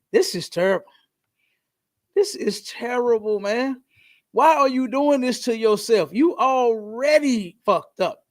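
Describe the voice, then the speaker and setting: A man hosting a podcast in casual, slangy talk, telling stories in an animated way. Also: very high-pitched. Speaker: podcast host.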